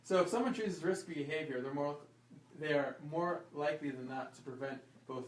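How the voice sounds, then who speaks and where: A chiropractor teaching an informal health class, quizzing the audience and acting out small scenes. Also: male voice, fairly high pitch, fairly quick, slight background noise. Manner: lively, asks the audience questions and acts out little scenes. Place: class room. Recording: echoey room, voice from far off.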